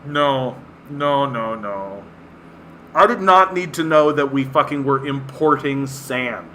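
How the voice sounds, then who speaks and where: A man's voice: mid-range voice, slow, bright, forceful tone, slight background noise. A man from Canada hosting a livestream, ranting in exasperated disbelief, swearing and laughing at what he reads. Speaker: livestream host.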